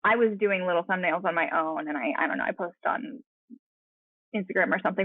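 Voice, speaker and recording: A woman's voice: on the low side, a little fast, dry recording, phone-quality sound. A woman who illustrates comics, telling anecdotes in a chatty, laughing way in an interview. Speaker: comic book illustrator guest. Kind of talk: casual interview chat.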